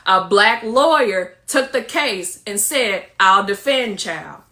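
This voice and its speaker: A woman's voice: medium pitch, expressive, slow, bright, forceful tone. A woman in a social media video, lecturing her audience in a preachy tone.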